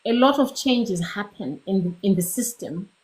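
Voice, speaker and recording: A woman who teaches at a medical school joins a live online chat as a guest. She speaks at a medium pitch and thinks aloud, breaking off and restarting her sentences as she goes. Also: animated, a little slow, low-quality recording. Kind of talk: casual live-stream conversation.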